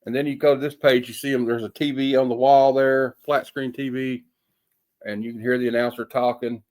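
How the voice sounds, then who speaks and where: A man's voice: medium pitch, little pitch movement, a little fast, a little mellow. Brief: man in a mid-range voice, laid-back comic reviewer, hesitant and full of fillers, homespun turns of phrase. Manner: rambling, hesitant with many fillers; folksy sayings.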